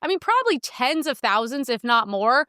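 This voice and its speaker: A young woman hosts a podcast of casual political commentary, chatting sarcastically about the news and laughing often. Her high, very animated voice moves at a normal speed with a bright, forceful tone, recorded at studio quality with no room sound.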